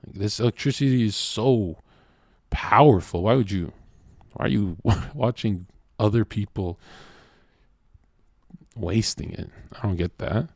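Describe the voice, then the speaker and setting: A man rants to his livestream chat in a brash, profane way. He jumps from shouting to near-whispered asides. The sound is dry and close, with no room echo. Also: a little slow, pauses often. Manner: brash, profane, swings from loud shouting to low murmuring. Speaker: streamer.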